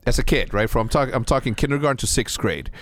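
A man's voice: mid-range voice, lively intonation, fast talker, no room sound. A young man from Mexico telling a story in casual chat, rambling with restarts and a lot of swearing. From Mexico (Juárez). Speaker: podcast guest.

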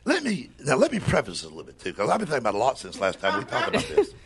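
A man's voice: mid-range voice, racing, a crowd in the background. An older man telling wry comic stories as a guest on a radio talk show, drawling and grumbling. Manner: drawling, wry, grumbling, lively with mock voices. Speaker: comedian guest. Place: radio studio.

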